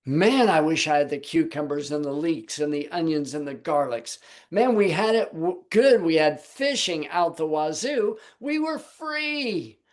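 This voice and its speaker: A man's voice: on the high side, expressive, measured pace, few pauses. A man voicing a self-pitying Israelite from the wilderness who grumbles and complains with exaggerated sighs, heard over a video call. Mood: whining.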